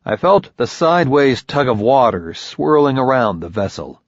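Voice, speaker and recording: A man narrating a first-person audiobook in a measured, grim storytelling manner. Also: mid-range voice, very animated, no room sound. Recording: dull lo-fi recording.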